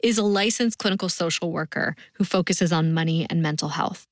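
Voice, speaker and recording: A woman's voice: on the low side, fairly quick, no echo, studio quality. A woman hosting a podcast, reading scripted narration in an upbeat, conversational explainer tone. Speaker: podcast host.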